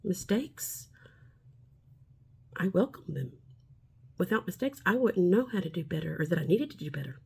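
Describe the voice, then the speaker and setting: A woman's voice: on the low side, sing-song, normal speed, gravelly, pauses often, darkish tone, slightly rough. A woman in her forties talking straight to camera in a casual vlog, chatty and rambling, upbeat and a bit preachy. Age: 40s. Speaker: vlogger.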